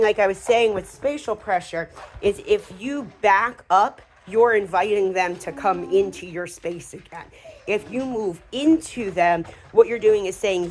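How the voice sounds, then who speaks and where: A woman dog trainer talking casually through a hands-on training demonstration, with fillers and quick asides to the dog. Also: fairly low pitch, slight background noise.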